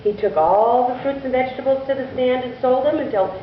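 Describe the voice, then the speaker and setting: A woman telling a church children's story in an animated way, asking the children questions as she goes, in a distant, echoey church recording. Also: high-pitched, a little fast, highs cut off, a little hiss or hum. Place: church sanctuary.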